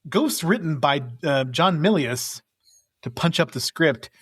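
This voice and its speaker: A man's voice: on the high side, expressive, measured pace, husky. A man co-hosting a casual movie podcast, rambling through the cast list with frequent chuckles and fillers. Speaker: podcast co-host.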